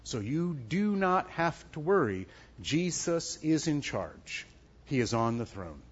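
A middle-aged man preaching a sermon as pastor, emphatic and lively, dropping suddenly soft for effect. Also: on the high side, slow pace, husky. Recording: dull lo-fi sound.

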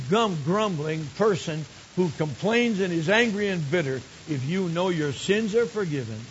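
Older man preaching in a lo-fi recording. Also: a little high. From Michigan. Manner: storytelling, builds to emphatic exclamations. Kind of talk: sermon. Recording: dull lo-fi recording with faint hiss.

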